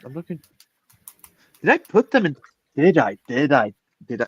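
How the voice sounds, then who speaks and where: A man's voice: on the high side, sing-song, normal speed, long pauses, husky, dry recording. A man hosting a casual livestream chat, rambling with lots of fillers and swearing freely. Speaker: podcast host. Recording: dull lo-fi dry sound.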